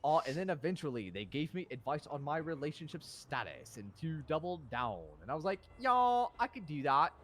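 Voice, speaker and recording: A man's voice: a little high, sing-song, a little fast, few pauses, slight background noise. A young man telling a rambling, slangy story in character while role-playing on a stream.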